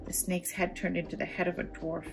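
A woman reading a children's storybook aloud, pausing for gentle asides to young listeners. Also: on the low side, little pitch movement, gravelly, faint music behind. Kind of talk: children's read-aloud narration.

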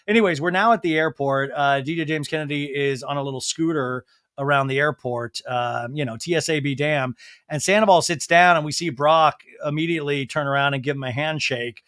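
A podcast host, a man, talks through a reality show episode for laughs. His voice sits high, and he slips into exaggerated impressions of the cast. The sound is dry and close. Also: fairly quick, no echo. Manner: animated, jumps into campy impressions of the cast. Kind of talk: comedic TV recap.

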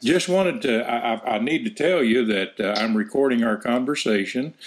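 A man with an ordinary middle-pitched voice hosts a relaxed interview. He is friendly and talks in loose, rambling sentences, often starting over. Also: moderate pace. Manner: friendly, rambling, many restarts. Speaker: host, gospel quartet member. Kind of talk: casual interview.

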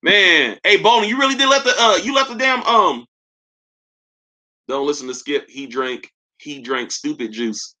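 A man's voice: a little high, expressive, moderate pace, bright, forceful tone. A young man hosting a live sneaker stream, chatting loosely and roasting viewers in slangy, joking talk. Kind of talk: casual live-stream chat reading comments.

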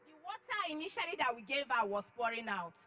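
A woman giving an emotional church testimony, dramatic, acting out her own shouts and then dropping to hushed tones. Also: on the high side, very animated, fast, soft background music, rough recording. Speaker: testimony giver.

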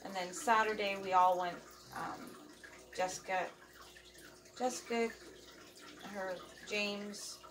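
A middle-aged woman hosts a vlog, chatting casually and rambling with plenty of ums and uhs. Her mid-range voice is slightly bright, her delivery flat and slow. The mic sits at a distance, with running water audible.

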